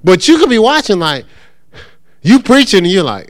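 Animated man teaching at church. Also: high voice, moderate pace. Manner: animated, acts out voices of churchgoers and callers; conversational with frequent check-ins. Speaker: pastor teaching. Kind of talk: informal church teaching talk.

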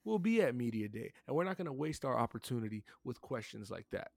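A man's voice: mid-range voice, very animated, fast talker, vocal fry, a little mellow, dry recording, clean studio sound. A man co-hosting a sports podcast, chatting casually and animatedly, joking and repeating himself. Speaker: podcast co-host.

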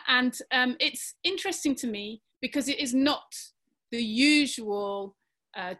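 A woman's voice: medium pitch, bright, forceful tone. A woman hosting a panel interview, chatty with many ums and uhs. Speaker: host.

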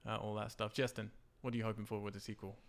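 A man hosting a casual podcast chat, relaxed and laughing often, with many fillers. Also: fairly low pitch, fast, vocal fry. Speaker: podcast host.

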